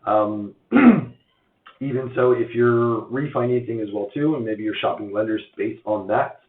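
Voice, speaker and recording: Hoarse man on a tinny live stream. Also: medium pitch, lively intonation, a little slow. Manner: chatty, filler-heavy, many uhs and restarts. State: hoarse, lost voice. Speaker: mortgage lender hosting a live update. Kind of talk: casual live-stream market update. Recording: tinny phone-like sound in an echoey room.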